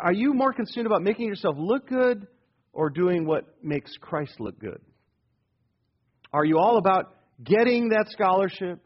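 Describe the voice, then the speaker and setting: A high-pitched, slightly husky man preaching a sermon, folksy and emphatic. He keeps firing rhetorical questions and repeating key phrases. The recording is dull and lo-fi. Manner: down-to-earth, calls himself rednecky. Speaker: pastor.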